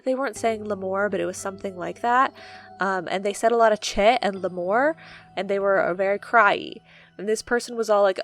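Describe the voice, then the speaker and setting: A woman's voice: medium pitch, moderate pace. A woman hosting a gaming video, casually retelling her playthrough in a rambling, playful way, often hunting for words. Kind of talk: casual story retelling of a game.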